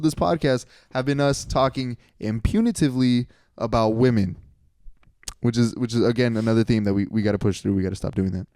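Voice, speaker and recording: On a comedy podcast he co-hosts, a man in his twenties tells a meandering tale full of self-corrections, turning animated when quoting friends. His voice sits in the middle range at a fairly quick pace, recorded dry with studio quality.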